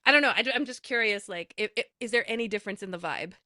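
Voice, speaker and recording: Woman podcast host, bright tense tone, smooth clear voice, dry close sound. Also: medium pitch, no echo. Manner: eager and curious, quick to agree. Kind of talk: casual podcast interview.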